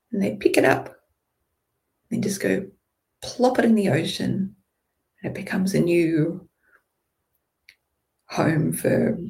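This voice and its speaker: A woman guides a visualization in a drifting, playful way. Her voice sits at an ordinary middle pitch and carries a gravelly fry. She moves between calm imagery and casual swearing. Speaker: meditation guide.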